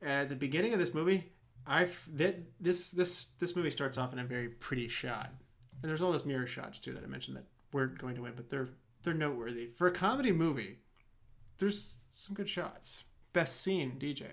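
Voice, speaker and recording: A man's voice: medium pitch, fairly quick, vocal fry, a bit bright. A man co-hosting a movie podcast, chatting casually with enthusiastic, rambling talk. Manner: enthusiastic, rambling with many "like" fillers. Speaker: podcast co-host.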